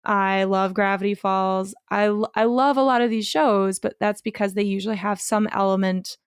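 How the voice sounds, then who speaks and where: A woman's voice: medium pitch, fairly even intonation, normal speed, smooth, dry recording, studio quality. A young woman co-hosting a podcast, talking casually in a gushing, emphatic way and swearing freely. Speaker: podcast co-host. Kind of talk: casual chat.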